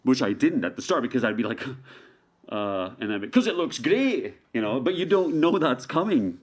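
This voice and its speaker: A man's voice: mid-range voice, lively intonation, normal speed. A Canadian man talking as a guest street artist in a casual interview, playful and rambling, full of jokes.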